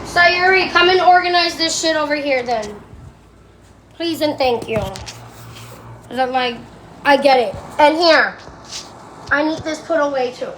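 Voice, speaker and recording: An adult TikTok live streamer chats casually from her home, blunt and profane as she rants back at viewers. She has a high-pitched, slightly bright voice and an unhurried pace. The low-quality recording carries room echo and a little hiss or hum.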